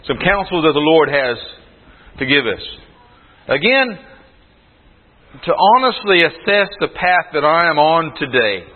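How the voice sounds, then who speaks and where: A man's voice: fairly high pitch, big pitch swings, a little slow, pauses often. A man preaching a sermon to his congregation in an earnest, emphatic way. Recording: tinny phone-like sound with long hall reverb.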